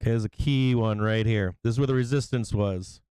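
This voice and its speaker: A man hosting a live stock-market stream, swearing freely and explaining chart levels, with bursts of excited yelling. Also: fairly low pitch, a little fast, smooth, no echo, rough recording. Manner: profane, excitable, yelling at times. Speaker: stock market livestream host. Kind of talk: live trading commentary.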